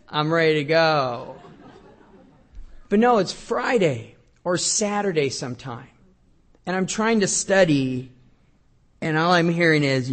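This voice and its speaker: A middle-aged male pastor preaching a sermon in a conversational, joking way, reading scripture aloud and swinging between loud and quiet. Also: a little high, animated, unhurried, long pauses.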